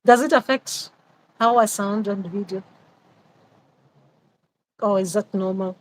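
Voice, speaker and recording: A woman's voice: mid-range voice, unhurried, low-quality recording. A woman in a mid-range voice speaks outdoors in a loose, unscripted livestream chat. She is a spiritual advisor who reflects aloud and often hesitates. She repeats phrases as she works out her thoughts.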